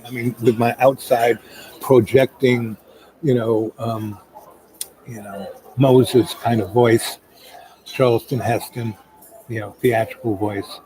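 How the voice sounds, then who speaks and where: A man's voice: medium pitch, a little slow, noisy background. A middle-aged man telling a long anecdote in a loose, rambling way, full of fillers. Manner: rambling, full of "um" and "you know". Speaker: storyteller. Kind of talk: casual spoken anecdote. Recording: crowd chatter in the background.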